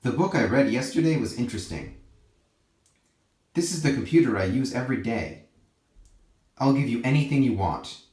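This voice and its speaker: A man reading English example sentences one by one, slowly and clearly, for learners to repeat. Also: mid-range voice, a little mellow, roomy sound. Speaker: English teacher.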